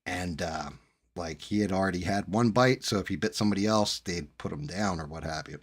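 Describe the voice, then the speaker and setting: A man hosting a stream, telling a profane, animated personal story in a casual chat. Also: sits low, brisk, breathy edge. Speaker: streamer host.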